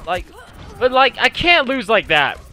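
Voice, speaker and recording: A man's voice: very high voice, sing-song, bright, forceful tone. A young man giving gameplay commentary, cursing constantly and breaking into angry, frustrated outbursts. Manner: profane, quick to rage, frustrated outbursts. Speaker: gaming channel host.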